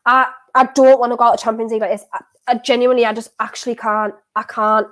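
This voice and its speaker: Talking fast in a fairly high voice, a young woman hosts a live football watchalong and reacts to the game. Excitable and addressing her viewers, she shifts back and forth from laughter to dejection.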